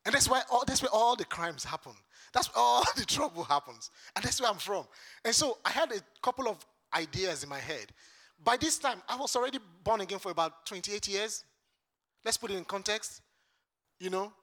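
Preacher from Lagos, man, high bright voice, impassioned repetitive sermon delivery. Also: animated, a little fast. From Lagos, Nigeria.

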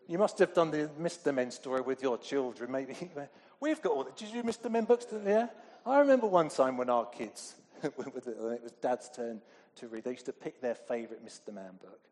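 A man's voice: mid-range voice, animated, moderate pace, darkish tone. Middle-aged male preacher, conversational and questioning, long hall reverb. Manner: conversational, asks the congregation questions. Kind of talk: sermon.

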